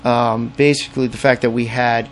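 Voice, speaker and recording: A man's voice: mid-range voice, little pitch movement, normal speed, slight background noise. A man co-hosting a podcast, rambling in a laid-back, casual way. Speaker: podcast co-host. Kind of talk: casual chat.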